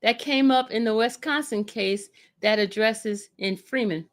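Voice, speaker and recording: A woman slowly reading a court hearing transcript aloud, coughing and sniffling from allergies. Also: on the high side, no room sound. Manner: slow, deliberate reading with asides.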